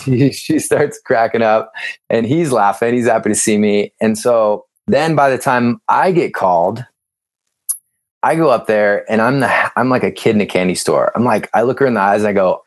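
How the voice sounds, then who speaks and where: A low-pitched man chats as a podcast guest, bouncing into playful stories and mimicking the people in them. He laughs easily and talks in a loose, upbeat way. The sound is dry and close, with no room around it. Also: moderate pace, no echo. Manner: animated storyteller, acts out dialogue, laughs often. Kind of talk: casual interview chat.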